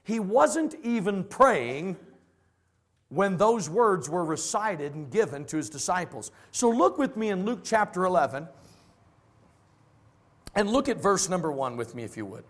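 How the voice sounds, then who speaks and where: A man leads a midweek Bible study as pastor, mixing scripture with a story from his teaching days. His fairly high voice swings widely in pitch as he talks in a lively, conversational way. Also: unhurried.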